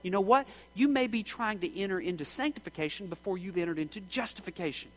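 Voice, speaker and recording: A man preaching in church with a fairly high voice. He preaches with passion, rising to shouts and then dropping to hushed pleading. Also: lively intonation, fast, a little hiss or hum, poor audio. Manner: impassioned, swings from shouting to hushed. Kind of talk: sermon.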